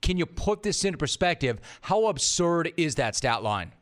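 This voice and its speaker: A man's voice: on the high side, very animated, normal speed. A man hosting sports talk radio, wisecracking and bantering about callers and guests.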